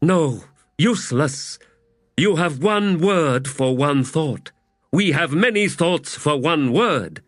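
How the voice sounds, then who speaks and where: A man voicing a towering, brash female giant warrior with a loud, stentorian voice and blunt, clipped speech, in an audiobook. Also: on the high side, lively intonation, slow pace, no room sound, studio quality, voice pushed up.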